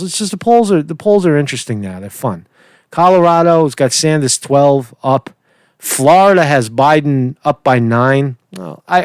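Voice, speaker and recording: A man's voice: fairly high pitch, no room sound, studio quality. A man giving casual political commentary, rambling and opinionated, who often repeats words and restarts sentences.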